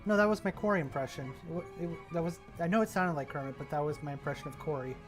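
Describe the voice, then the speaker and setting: A man's voice: on the high side, racing, music in the background. A man thinking aloud in a casual, rambling way as he builds a game map, often trailing off. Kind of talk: casual commentary while working.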